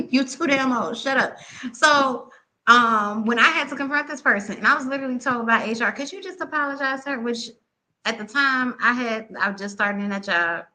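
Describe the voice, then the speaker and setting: Bright-voiced animated woman tarot reader. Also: a little high, brisk. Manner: animated, laughing, slangy and candid. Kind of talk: live tarot reading and storytelling.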